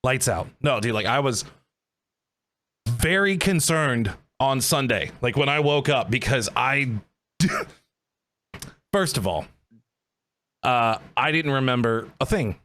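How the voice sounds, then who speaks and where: Lively, bright-voiced young guy. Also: medium pitch, takes it slowly, pauses often. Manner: animated, laughs often, casual slang. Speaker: podcast co-host. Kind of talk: casual podcast chat.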